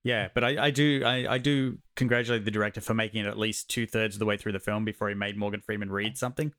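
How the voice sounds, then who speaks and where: A man co-hosting a movie podcast over a video call, with dry wit and quick asides. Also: fairly low pitch, steady tone, a bit bright. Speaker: podcast co-host. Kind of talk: casual movie podcast chat.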